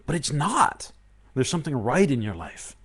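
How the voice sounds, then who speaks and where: A man's voice: mid-range voice, sing-song, normal speed, a bit bright. A man speaking firmly and earnestly to a live online audience as a spiritual teacher, acting out people's inner voices with rising emphasis.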